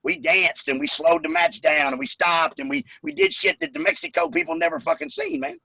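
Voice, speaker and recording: A man's voice: extremely high pitch, animated, brisk, creaky, bright, forceful tone, dry recording. A man from Memphis, a former wrestler telling profane stories and acting out what people said. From Memphis, USA. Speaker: former pro wrestler, guest. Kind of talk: profane storytelling, acting out quotes.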